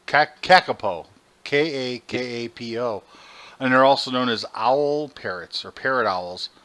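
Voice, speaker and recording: A man co-hosting a podcast, telling animated, profane stories in casual chat. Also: mid-range voice, measured pace. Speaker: podcast co-host.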